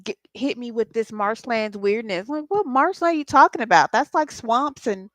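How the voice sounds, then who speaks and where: A woman's voice: on the high side, expressive, moderate pace, a bit bright, no room sound. A woman doing a casual channeling session as a psychic reader, chatting and laughing with her viewers. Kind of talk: casual spirit channeling livestream.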